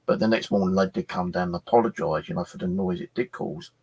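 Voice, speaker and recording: A middle-aged man hosting his channel, telling an animated story from his flat with some swearing and acted-out exchanges. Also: sits low, fast talker, breathy edge. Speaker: channel host. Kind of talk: casual storytelling chat.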